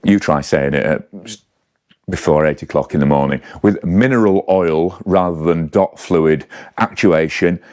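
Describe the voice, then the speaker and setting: Brief: deep-voiced male reviewer, chatty, rambling asides, fixes himself mid-sentence. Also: unhurried, darkish tone. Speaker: bike reviewer. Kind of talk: casual spec walkthrough to camera.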